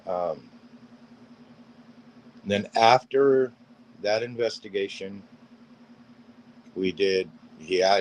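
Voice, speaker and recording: A man's voice: low-pitched, darkish tone, a little hiss or hum, low-quality recording. A middle-aged man, a paranormal gear builder, telling rambling anecdotes as a guest on a video call and acting out each line of dialogue. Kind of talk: casual storytelling interview.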